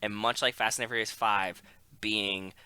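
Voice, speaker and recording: Male podcast co-host, very bright, tense tone, wry banter, dry sound. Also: on the low side, fairly even intonation, normal speed, clear, resonant tone, no echo. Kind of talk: casual chat.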